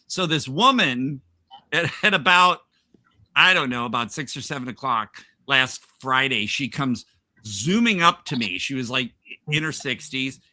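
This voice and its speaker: A man's voice: mid-range voice, lively intonation, unhurried, pushed and bright. A man hosting a podcast, telling a rambling workplace anecdote in casual chat with frequent laughs and restarts. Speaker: podcast host.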